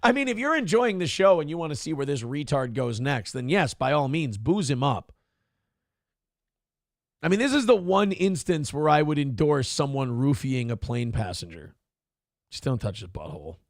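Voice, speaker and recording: A man's voice: on the high side, very animated, moderate pace, dry recording, studio quality. A man hosting a morning show, giving crude, sarcastic commentary on a viral video. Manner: sarcastic, crude, mocking impressions. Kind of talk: mocking commentary on a viral clip.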